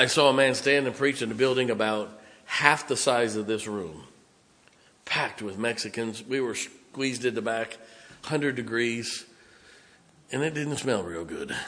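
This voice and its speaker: A pastor preaching a sermon, telling a personal story with dramatic swings from loud emphatic bursts to hushed low lines. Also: male voice. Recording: long hall reverb.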